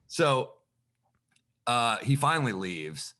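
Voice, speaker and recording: A man guesting on a podcast as a comedian, telling a story in a casual, animated way and swearing freely. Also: mid-range voice, slow pace. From New York. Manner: animated, profane storyteller who acts out exchanges.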